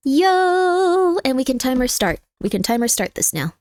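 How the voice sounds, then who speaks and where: A woman's voice: a little high, animated, fast. A young adult woman streamer in casual chat, joking around and thanking her viewers. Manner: chatty and jokey, thanks viewers by name. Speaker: livestreamer.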